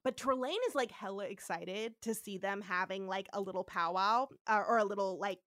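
Bright chatty woman host, super animated, swears a lot, jumps into little character voices, dry close sound. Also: medium pitch, no room sound. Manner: animated, acts out characters in quick bursts, swears freely. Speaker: podcast co-host. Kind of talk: casual comedic recap chat.

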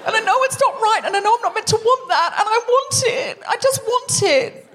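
A woman's voice: extremely high pitch, expressive, fairly quick, fairly bright tone. A woman co-hosting a live comedy podcast on stage, playful and self-mocking, laughing often. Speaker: co-host. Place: theatre stage before a live audience.

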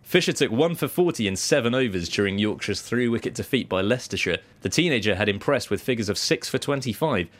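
A man's voice: mid-range voice, lively intonation, fast talker, hardly any pauses. A man co-hosting a casual cricket podcast, reading news articles aloud in a chatty way. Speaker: podcast co-host.

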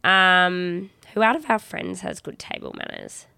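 A young woman chats casually in a gravelly, fry-edged voice whose pitch swings widely. She hesitates and trails off, recorded close and dry. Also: wildly swooping pitch, unhurried, pushed and bright, dry recording. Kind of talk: casual chat.

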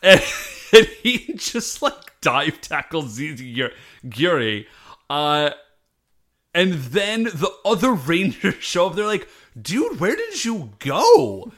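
A podcast co-host with a slightly high voice speaks slowly as he recaps a TV episode in a casual chat. He's animated, acting out the characters' lines while he tells the story.

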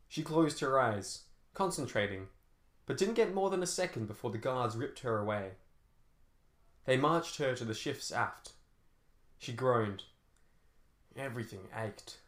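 A man reading a novel aloud in a measured, dramatic storytelling manner. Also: medium pitch, a bit bright. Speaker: narrator. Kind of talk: scripted audiobook narration. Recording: roomy echo.

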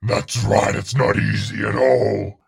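Man playing a giant spiky turtle monster dad, low gravelly voice, slow sheepish delivery. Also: exaggerated voice. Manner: slow, halting, flat delivery.

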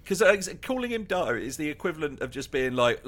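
A man's voice: a little high, big pitch swings, fast talker, few pauses, fairly bright tone. Laughing, rambling man chatting. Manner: loose and rambling, laughs often. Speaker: podcast co-host. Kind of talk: casual chat.

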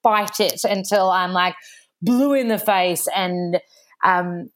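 Australian woman, young adult, lowish voice, chatty storyteller, podcast guest. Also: slow pace. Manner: chatty storytelling, acting out quoted exchanges, frequent "like". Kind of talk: casual podcast chat.

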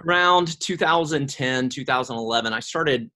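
A middle-aged man, a guest in an interview, telling a personal story in a lively way and often repeating his first words. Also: mid-range voice, moderate pace.

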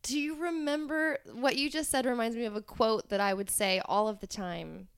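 A woman guest on a podcast, telling stories in a chatty, giggly way. Her voice sits a little high and sounds smooth, recorded close and dry. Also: steady tone, normal speed, no room sound. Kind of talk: casual chat.

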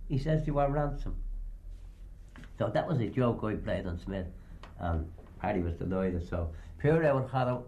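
An older man, a storyteller, shares oral history reminiscences in a rambling, anecdotal style, acting out the voices of the people he quotes. His voice is on the low side with a darkish tone, and the sound is lo-fi.

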